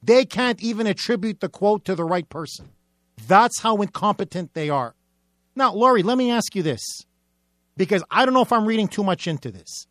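A man's voice: sits high, animated, moderate pace, no echo, clean studio sound. A man hosting a political talk radio show, delivering a combative, mocking monologue with repetitive rhetorical build-ups.

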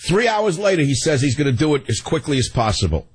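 A man hosting a political talk radio show, ranting fast and emotionally and running over his words. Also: fairly high pitch, big pitch swings, breathy edge, low-quality recording.

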